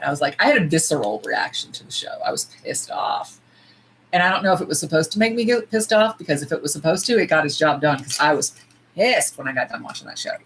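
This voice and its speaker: A woman's voice: deep voice, a little hiss or hum, low-quality recording. A woman from the US, chatting casually and animatedly on a nail-swatching livestream, cursing freely and saying y'all. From United States.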